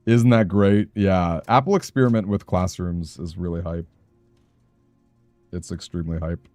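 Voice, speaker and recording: A man's voice: sits low, steady tone, moderate pace, warm tone, no room sound, faint music behind. A man with a Southern Californian accent, chatting in a rambling, casual way with his live-stream audience while he plays a game. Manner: chatty, rambling, answers chat aloud.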